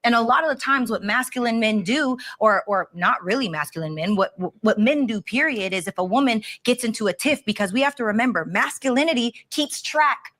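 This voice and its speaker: A woman's voice: on the high side, expressive, a little fast, hardly any pauses, fairly bright tone. A confident woman explaining her view in a debate and acting out quoted lines.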